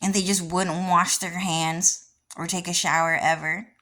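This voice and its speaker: A woman's voice: fairly low pitch, level tone, a little slow, pushed and bright. A woman vlogger talking in a casual, rambling monologue with many restarts and frequent swearing.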